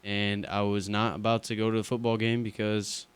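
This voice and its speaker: A man's voice: fairly low pitch, little pitch movement, normal speed, clean tone. A young man co-hosting a radio show, recalling a game in a laid-back, hesitant way with many "you know"s. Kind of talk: casual sports chat.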